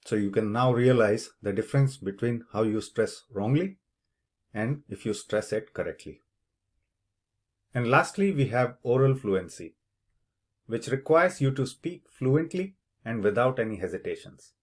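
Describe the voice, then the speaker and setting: A man's voice: mid-range voice, expressive, a little mellow. A man teaching as an English test tutor, explaining the speaking task step by step and saying example words aloud to show where the stress goes. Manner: slow, deliberate, demonstrates word stress aloud. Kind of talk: instructional explanation.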